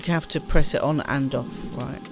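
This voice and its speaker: Woman streamer reading game text out loud, gravelly voice, game music in the back. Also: a bass voice, steady tone, normal speed. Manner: chatty, reads game text aloud, self-deprecating. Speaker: gaming streamer. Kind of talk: casual let's-play commentary. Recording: voice over clear game music.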